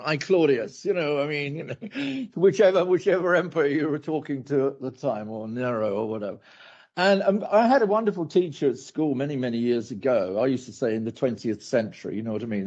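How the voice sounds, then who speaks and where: Fairly high in pitch, slightly mellow and breathy, the academic responds to a question at a university event. His answer wanders through many asides and repeated phrases, and the lo-fi recording sounds dull.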